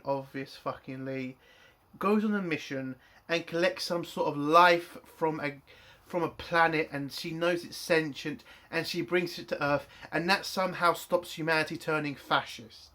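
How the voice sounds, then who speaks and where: A man's voice: fairly high pitch, moderate pace, pushed and bright. A man reviewing a TV episode in an angry, profane rant. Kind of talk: spoken TV review.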